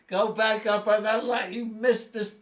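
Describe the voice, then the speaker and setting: An older man voicing his angry mother, a harsh, accusing woman who scolds and shouts. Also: very high voice, very animated, slow pace, background noise, pitched above the performer's own voice, exaggerated voice. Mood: nagging.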